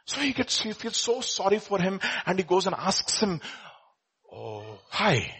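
Emphatic, high-voiced male preacher. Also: moderate pace, fairly bright tone, breathy edge. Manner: emphatic, asks the congregation questions. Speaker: pastor. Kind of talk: sermon.

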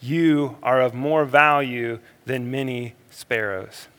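A man preaching a sermon as a pastor, moving between energetic emphasis and quiet, slow reflective passages. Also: mid-range voice, smooth. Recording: long hall reverb.

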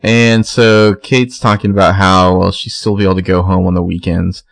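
A man's voice: low voice, moderate pace, gravelly, dry recording. A man co-hosting a podcast, casually retelling scenes and acting out lines from the characters. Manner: relaxed storytelling, acts out quotes. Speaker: podcast co-host. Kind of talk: casual recap chat.

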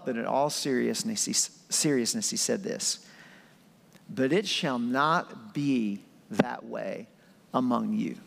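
A man's voice: on the high side, creaky, big-room sound. A man preaching a sermon in a conversational, storytelling way, acting out scenes with his voice. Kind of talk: animated sermon.

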